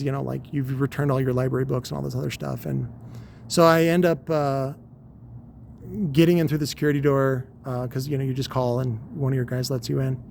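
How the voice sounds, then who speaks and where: A podcast host in his forties, his medium-pitched voice a little mellow with vocal fry, casually spins a long, rambling, profane story full of wry humor. There's slight background noise.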